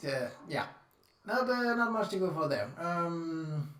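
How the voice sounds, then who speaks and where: A man's voice: on the high side, animated, slow pace, a bit bright, roomy sound, recorded from a distance. A man streaming live, casually reading out descriptions and musing aloud with lots of fillers.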